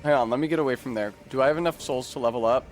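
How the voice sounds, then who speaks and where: A man live-streaming a video game, chatting casually with his viewers and swearing freely between quick asides. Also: mid-range voice, soft background music.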